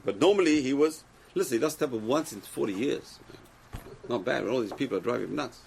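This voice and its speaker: A man's voice: mid-range voice, expressive, fast, vocal fry, darkish tone, a little hiss or hum. A man teaching a Torah class who reads Hebrew texts aloud, translates them, and asks the class rhetorical questions.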